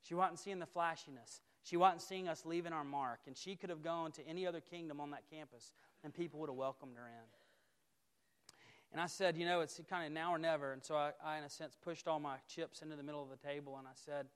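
A man with a high voice preaching a sermon, his words trailing into a long hall reverb. He builds emphatic runs of repeated phrases, then drops to a quiet, intense hush. He speaks as a campus minister to a large reverberant worship hall. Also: fairly even intonation, brisk, clean tone.

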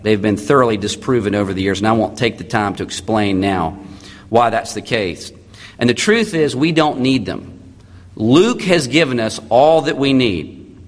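A man in his thirties preaching a sermon as a pastor, swinging between loud emphatic lines and quiet intimate ones. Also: lowish voice, animated, normal speed, big-room sound.

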